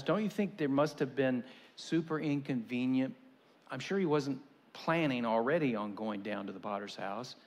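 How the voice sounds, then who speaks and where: Pastor, male, relaxed chatty preaching with asides, mid-range voice. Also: medium pitch, in a large hall. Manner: conversational, folksy preaching with restarts and asides. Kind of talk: sermon.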